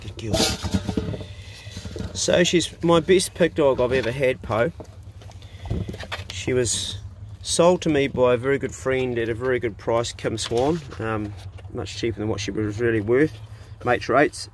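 Speaking a little slowly in a mid-range voice, a middle-aged farmer and pig hunter from New Zealand does relaxed vlog talk while looking after his dogs. He coaxes them warmly outside the kennels on his rural farm. A little hiss or hum is audible.

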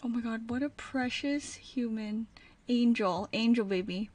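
A woman's voice: a little high, normal speed, a little mellow, no room sound, distant mic. A young woman streaming a reaction video, gushing and emotional, at times close to tears. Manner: gushing, emotional, swings to near tears and whispers. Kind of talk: excited reaction commentary.

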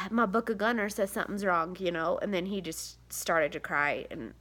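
A woman's voice: lowish voice, normal speed, a bit bright. A tired woman in her thirties talking to the camera in a rambling, tearful confessional vlog, full of fillers and sighs. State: tired, close to tears. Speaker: vlogger, mother of seven.

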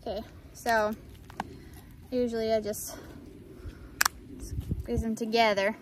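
A woman's voice: fairly high pitch, flat delivery, slow. A woman chatting casually for a farm vlog and coaxing her animals outdoors. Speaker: farm vlogger. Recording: faint background noise outdoors. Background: farm animals and outdoor ambience.

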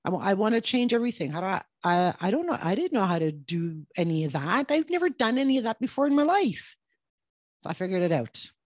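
A woman's voice: mid-range voice, sing-song, quick pace, dry recording, studio quality. A woman in her fifties, a midlife mindset coach giving a blunt, profane tough-love pep talk to camera. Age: 50s.

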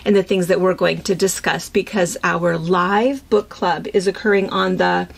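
Woman, casual host chat, rambling, gravelly. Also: fairly low pitch, steady tone, moderate pace. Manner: chatty, rambling with restarts. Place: fabric shop.

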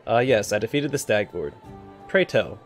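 A man's voice: fairly low pitch, big pitch swings, moderate pace, soft background music. Wry man commenting on gameplay. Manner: casual, wry remarks. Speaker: let's play host.

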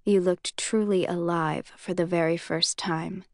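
A woman voicing a self-assured young male commander in an audiobook reading, speaking in a calm, amused drawl. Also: on the low side, a little slow, no room sound, clean studio sound, voice pushed down. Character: young man, cool, teasing, self-assured military commander.

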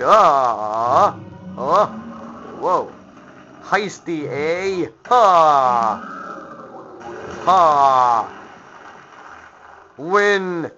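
Brief: male let's play host, goofy, bright tense voice, faint game music behind. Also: on the high side. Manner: goofy, humming and shouting at enemies. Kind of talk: casual gameplay commentary. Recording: slightly muffled lo-fi recording.

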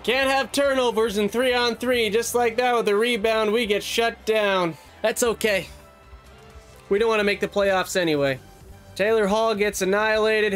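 Playing a hockey video game, a gaming YouTuber provides his own sportscaster-style commentary, animated and rapid, punctuated by yelps at near misses and laughter. He is young, with a notably high voice, and light music plays beneath him.

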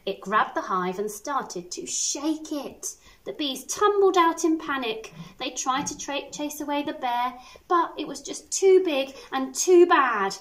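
A woman primary school teacher reading a picture book aloud to children, expressive with little asides. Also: high voice, measured pace, poor audio. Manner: animated, expressive storytelling with asides.

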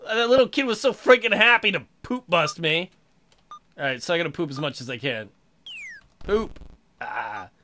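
A man hosting a let's play of a video game, excitable, laughing and swearing as he plays. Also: a little high, normal speed, pauses often, slight background noise. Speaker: gaming channel host.

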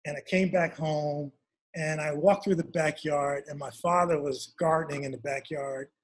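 A man's voice: fairly high pitch, steady tone, normal speed, a little hiss or hum. A man, an author and guest, telling a long personal story in an interview and acting out his parents' lines.

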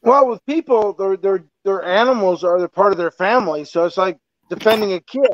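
Joking high-voiced man, dull dry sound. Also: brisk. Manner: joking, teasing. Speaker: podcast co-host. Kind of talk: casual chat.

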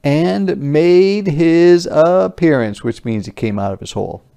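A man as a teacher, reading a picture book aloud to young children, pausing to explain words simply and wonder aloud. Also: a little high, lively intonation, gravelly, warm tone, clear, resonant tone.

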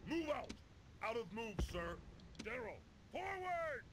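A man's voice: extremely high pitch, very animated, unhurried, exaggerated voice. An actor voicing male Roman soldiers and sailors in a strategy game, giving clipped military replies and battle cries. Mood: barking. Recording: noisy game sound effects.

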